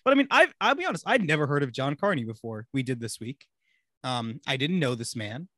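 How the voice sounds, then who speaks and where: Young male podcast host, laughs constantly, lively up-and-down voice, dry close sound. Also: medium pitch, a little fast, no echo. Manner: giggly, laughs through his own jokes. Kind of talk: casual podcast chat.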